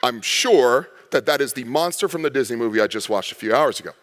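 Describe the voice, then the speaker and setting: A man, a pastor, preaching a sermon with lively storytelling and acted-out quotes. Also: mid-range voice, quick pace, in a large hall. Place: church sanctuary.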